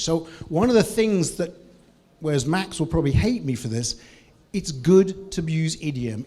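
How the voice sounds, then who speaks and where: A man with a New Zealand accent giving a lively, joking conference talk on English and asking the audience questions. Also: on the high side. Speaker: language trainer. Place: conference hall.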